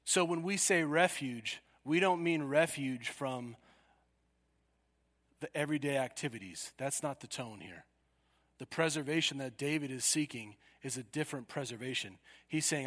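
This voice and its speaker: A man preaching a sermon, emphatic and full of rhetorical questions, swinging from loud declarations to hushed asides. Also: medium pitch, moderate pace. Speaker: pastor. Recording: long hall reverb.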